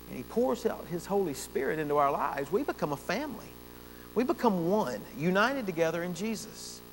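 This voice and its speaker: A man's voice: high-pitched, a bit bright. A man preaching a sermon as pastor, earnest and emphatic, repeating phrases for stress. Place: church sanctuary. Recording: long church reverb, faint hum.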